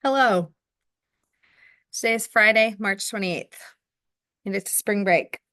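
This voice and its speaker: A woman's voice: medium pitch, takes it slowly, pushed and bright. A middle-aged woman teacher talking through her day in a candid, chatty video diary, full of fillers and restarts.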